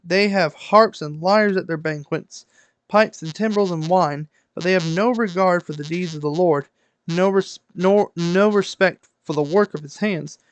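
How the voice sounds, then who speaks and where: A man with a high voice reads scripture aloud on his stream, tripping over words and starting them again as he goes. The sound is dry and close, with no room around it. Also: measured pace, smooth, no echo, dull audio. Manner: reads aloud with stumbles and self-corrections. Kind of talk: casual Bible reading on stream.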